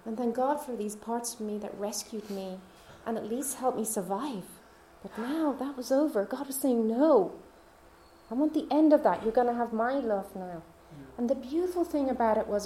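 A woman tells her personal faith testimony in a heartfelt, confiding manner. Her voice is mellow and dark in tone. The room around her is echoey. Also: a little high, lively intonation, normal speed, hardly any pauses, a little hiss or hum. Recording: roomy echo.

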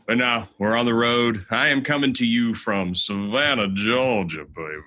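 A man's voice: mid-range voice, moderate pace, bright, forceful tone. A man from Galveston co-hosting a podcast, chatting casually while traveling, swearing freely and laughing often. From Galveston, Texas. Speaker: podcast co-host. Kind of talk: casual chat. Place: rented apartment while traveling.

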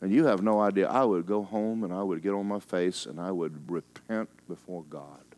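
A man preaching in a very deep register, moving between emphatic declarations and quiet, hushed asides. He tells stories from the pulpit in a folksy way and teases his congregation now and then. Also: normal speed. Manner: folksy and teasing. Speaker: pastor. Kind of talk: sermon.

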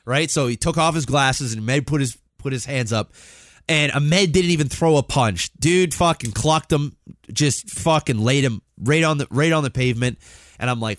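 A man in his thirties telling a story on a podcast, animated and full of swearing. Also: fairly high pitch, normal speed, dry recording, clean studio sound. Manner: animated, swears a lot, acts out quotes. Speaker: podcast co-host. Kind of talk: casual storytelling.

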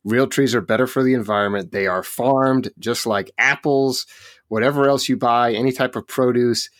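A man co-hosting a podcast in casual chat, opinionated and ranting with quick jokes. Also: medium pitch, steady tone, fairly bright tone, dry recording, studio quality. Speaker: podcast co-host.

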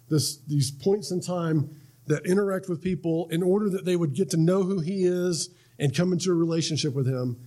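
A male pastor delivers a sermon in a relaxed, talky way. His voice sits a little high, and he keeps checking in with "right?" and restarting his words. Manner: conversational, repeats words, asks "right?" often.

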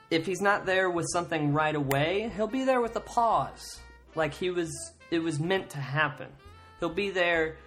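A man's voice: a little high, fairly bright tone. A man hosting a comedy podcast, talking casually in a rambling way and often checking in with "right?". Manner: rambling, self-correcting, keeps asking "right?". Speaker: podcast host.

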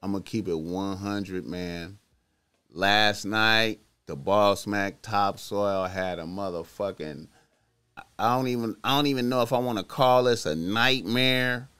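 A man streaming to his chat, rambling through a profane, slangy story that drops to low mumbles and jumps to loud outbursts. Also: clear, resonant tone. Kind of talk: casual rambling monologue.

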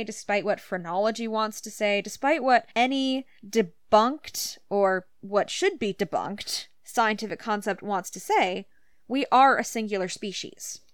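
A fairly high-voiced woman from Canada co-hosts a casual podcast and lays out her points at length, pressing back when she is interrupted. The sound is dry and close to the mic, with no room around it. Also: clean tone, no room sound. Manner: explanatory, insistent, quick asides. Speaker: podcast co-host. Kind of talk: casual educational podcast chat.

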